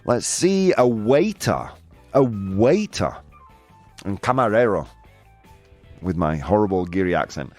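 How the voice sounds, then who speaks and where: A man with a lively, bouncing voice hosts a quiz game with his viewers. He reads out their answers, teases and laughs as he goes. Faint music plays quietly under him. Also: on the low side, a little slow. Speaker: host. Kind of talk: live-stream game show with chat.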